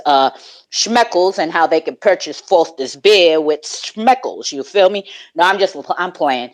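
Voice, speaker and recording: A woman's voice: deep voice, animated, a little slow, poor audio. A woman hosting a live audio chat room, talking in a slangy, profane, joking, laid-back way. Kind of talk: casual chat.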